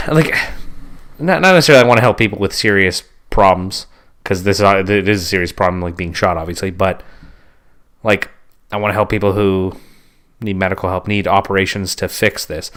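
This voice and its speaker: Low-voiced man rambling on a podcast. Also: fairly quick, fairly bright tone. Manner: rambling, lots of "like" and "right?". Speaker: podcast co-host. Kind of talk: casual chat.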